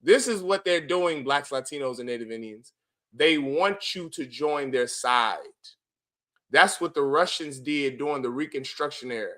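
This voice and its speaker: A man hosting a livestream, giving a forceful, preachy commentary and often calling his listeners brother. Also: medium pitch, lively intonation, moderate pace. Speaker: host of a religious group's class.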